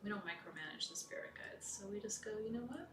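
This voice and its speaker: Soft-spoken woman leading a ritual. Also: medium pitch, animated, quick pace. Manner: soft, heartfelt, intimate, often dropping to a whisper. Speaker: ritual leader. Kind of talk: leading an online pagan ritual. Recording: echoey room, distant mic, faint noise.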